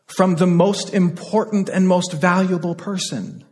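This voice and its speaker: A man's voice: high-pitched, expressive, unhurried, few pauses. Impassioned male preacher in a reverberant hall. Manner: impassioned, repeats phrases, swings between loud and hushed. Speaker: pastor. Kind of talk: sermon. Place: church sanctuary.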